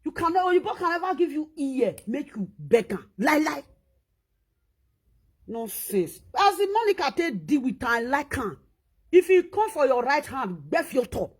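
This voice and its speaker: A Nigerian woman speaking in an animated, scolding monologue and repeating herself for emphasis. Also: high-pitched, normal speed. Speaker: social media commentator. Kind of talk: casual monologue in Pidgin.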